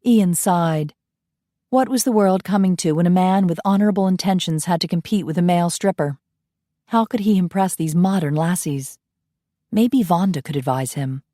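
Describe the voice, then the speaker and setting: A woman narrating an audiobook in an even storytelling read. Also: fairly low pitch, moderate pace, no room sound, studio quality. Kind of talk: scripted narration.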